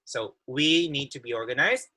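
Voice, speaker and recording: Man speaker on a video call, very bright tense voice, friendly, laughs a lot, restarts his sentences. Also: mid-range voice, animated, normal speed, poor audio. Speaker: guest speaker, occupational therapist. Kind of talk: webinar presentation.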